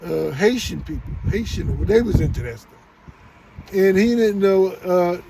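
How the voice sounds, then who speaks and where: Gravelly middle-aged man vlogging. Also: high-pitched, animated, a little slow, background noise. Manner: rambling, repeats and restarts, speaks to viewers as y'all. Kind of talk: casual storytelling monologue.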